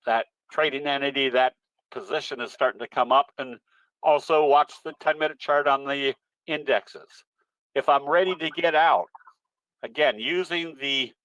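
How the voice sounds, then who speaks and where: A man's voice: medium pitch, fairly bright tone, no room sound, poor audio. A man presenting at an online trading webinar, answering questions in a folksy, easygoing, rambling way. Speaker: guest presenter, trading educator. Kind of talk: webinar Q&A, explaining.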